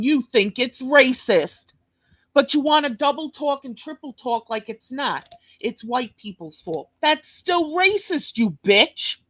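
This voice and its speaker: A woman's voice: a little high, a bit bright, dry recording. A woman with a New York accent hosting a reaction video, delivering a blunt, cursing, scolding rant. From Brooklyn, New York. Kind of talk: profane reaction commentary.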